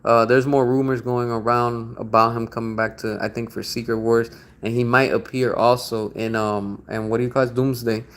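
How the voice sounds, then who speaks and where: Slangy, excitable young man streaming live. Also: mid-range voice, normal speed, few pauses. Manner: slangy, excitable, swears freely. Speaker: livestream host. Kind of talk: casual livestream chat reading viewer comments.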